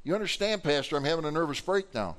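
A man voicing a distraught woman churchgoer in a sermon story, pleading and shrill. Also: expressive, quick pace, a bit bright. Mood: frantic.

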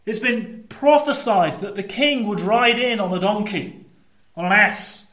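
Animated high-voiced male preacher in echoey church. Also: a little slow. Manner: animated, swings between lively storytelling and low emphatic asides. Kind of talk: sermon.

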